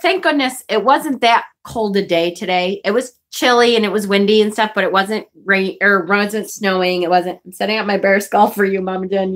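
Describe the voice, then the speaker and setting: Outraged storytelling woman vlogger, profane. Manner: animated and profane, replaying quarrels in high outraged bursts. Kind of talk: casual storytelling vlog, reading live chat.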